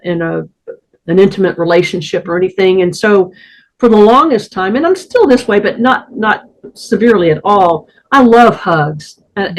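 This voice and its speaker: A woman panelist sharing personal experience in a halting way, with many restarts. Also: mid-range voice, rough recording.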